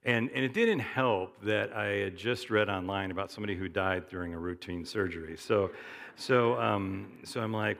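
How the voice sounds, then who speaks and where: Low-voiced pastor in a reverberant hall. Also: male voice, a little slow, vocal fry. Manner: conversational, storytelling, animated. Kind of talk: sermon with anecdotes.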